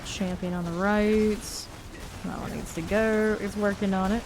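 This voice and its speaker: A woman's voice: medium pitch, fairly even intonation, a little slow, background noise. A woman streaming a game live, thinking aloud and calling out enemies as they appear. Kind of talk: live gameplay commentary.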